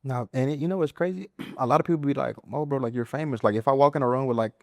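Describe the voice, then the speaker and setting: A man's voice: medium pitch, rapid-fire, creaky, no room sound, clean studio sound. A man in his twenties from Mississippi with a Southern country accent, a guest chatting laid-back and humble in slangy stories. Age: 20s. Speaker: guest, comedian and content creator. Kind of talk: casual interview chat.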